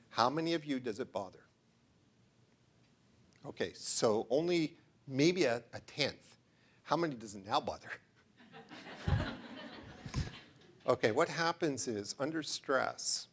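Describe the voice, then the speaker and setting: A middle-aged researcher delivers an enthusiastic, digressive lecture to a live audience, frequently pausing to pose questions to the room. His mid-range voice is a bit bright, with a breathy edge.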